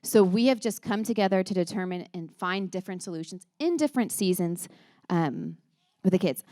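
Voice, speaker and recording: A woman's voice: fairly low pitch, fairly quick, dark tone, dry recording. Chatty, earnest woman with a dry sound. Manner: chatty and earnest, with many restarts and laughs. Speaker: speaker at a church moms' gathering. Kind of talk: casual talk to a women's group.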